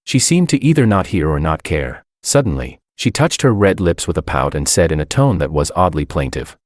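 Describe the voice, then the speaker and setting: A man narrating a dramatic first-person romance story in an expressive storytelling manner. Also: low-pitched, normal speed, hardly any pauses, no echo, studio quality.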